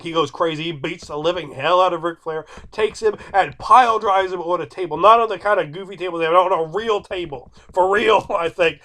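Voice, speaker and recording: A man's voice: high-pitched, bright, forceful tone. A man in his thirties giving an opinionated, emphatic commentary, repeating his points and arguing with an imagined viewer. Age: 30s. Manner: emphatic, repetitive, argumentative. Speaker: video creator.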